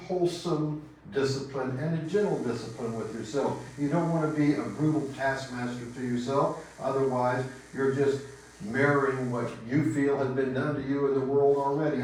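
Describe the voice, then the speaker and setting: A man with a Texan accent preaching a sermon as pastor, speaking gently and reflectively with long pauses. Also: medium pitch, slight background noise. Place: church sanctuary. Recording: echoey church sanctuary, distant mic.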